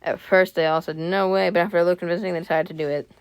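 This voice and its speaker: A woman's voice: on the low side, fairly even intonation, racing, dry recording. Chatty woman reading a spooky story. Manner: breaks off reading to joke, comment and apologize. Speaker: channel host reading a scary story aloud. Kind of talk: casual read-aloud with chatty asides.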